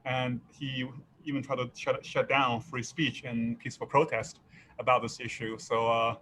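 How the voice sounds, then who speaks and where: A man giving a public comment at a meeting, halting and full of fillers and restarts. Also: mid-range voice, flat delivery, bright, forceful tone, slight background noise, low-quality recording.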